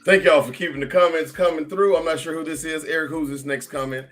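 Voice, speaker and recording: A man's voice: fairly high pitch, fairly even intonation, fast talker, fairly bright tone, soft background music. A middle-aged man, hosting a casual panel chat and reading viewer comments aloud. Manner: laid-back, reads viewer comments aloud. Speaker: podcast host.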